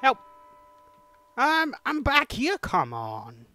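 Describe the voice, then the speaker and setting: Heavy background noise surrounds a young YouTuber whose very high voice swoops wildly in pitch as he speaks very slowly. Playing a horror game for his channel, he addresses the game characters and yelps or screams at every jump scare.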